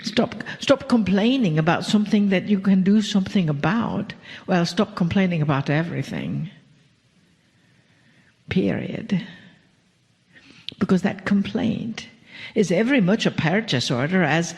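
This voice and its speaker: A woman channeling a spiritual message to a live audience. She speaks as a collective "we" in a slow, soothing way and often slips into whispers. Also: lowish voice, lively intonation, darkish tone. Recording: long hall reverb.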